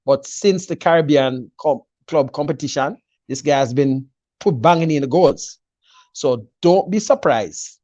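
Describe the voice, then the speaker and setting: Animated jamaican man talking football. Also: fairly high pitch, unhurried, no room sound. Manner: animated, confident, mixes patois with English. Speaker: football pundit. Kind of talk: casual sports chat.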